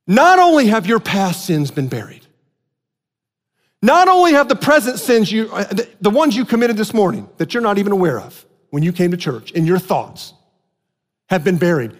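High-voiced preacher in an echoing hall. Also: male voice. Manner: swings from hushed low asides to emphatic raised preaching. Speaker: pastor. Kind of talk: sermon. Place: church sanctuary. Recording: long reverb in a large hall.

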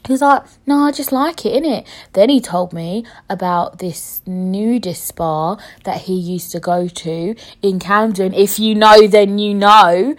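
A woman's voice: mid-range voice, a little slow, hardly any pauses, a little mellow. A young woman, hosting a podcast and telling a story in casual chat, blunt, swearing freely and laughing as she goes. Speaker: podcast host.

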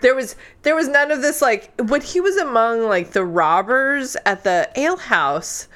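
An enthusiastic woman in casual conversation about a book. Her voice is fairly high and very lively in its rises and falls. She retells scenes with relish, slipping into the characters' voices. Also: measured pace. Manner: enthusiastic, laughs, acts out scenes. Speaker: podcast co-host.

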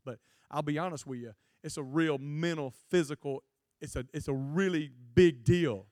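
A man preaching a jokey, animated youth sermon to a live student audience. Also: fairly high pitch, fairly quick, dry recording, clean studio sound. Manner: jokey, animated, acts out quotes in funny voices. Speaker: guest preacher.

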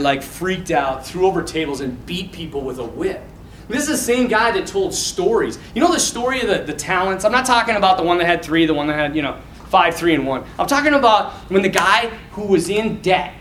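High bright-voiced man, animated. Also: slight background noise. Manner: animated, casual, quotes scenes with feeling. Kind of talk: informal talk to young men. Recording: echoey room from far off.

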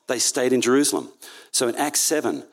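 A man at mid pitch delivers an earnest church sermon. He reads scripture aloud and often corrects himself mid-phrase. His speech has an ordinary, unmarked timbre. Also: big pitch swings, a little fast. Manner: earnest, reads Bible passages aloud, frequent self-corrections. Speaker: preacher.

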